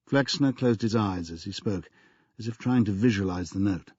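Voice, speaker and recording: Male audiobook narrator, husky, dry close sound, measured delivery. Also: on the low side, a little mellow, no room sound, lo-fi sound. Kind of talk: scripted narration.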